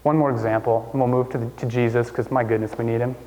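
Man preaching in a reverberant church. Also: quick pace. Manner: conversational, animated storytelling with sudden pitch jumps. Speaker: pastor. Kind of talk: sermon. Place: church hall. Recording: long hall reverb.

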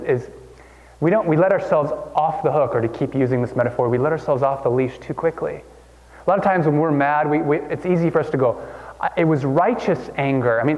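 A man's voice: fairly high pitch, darkish tone, in a large hall, muffled recording. A man preaching a sermon as a pastor, conversational and self-deprecating, with many restarts.

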